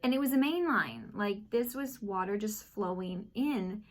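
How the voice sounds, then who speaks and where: A young woman from Texas telling a story in a casual vlog at home, animated and acting out what people said. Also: mid-range voice, measured pace. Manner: animated, acts out quoted voices. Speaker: vlogger. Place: apartment at home.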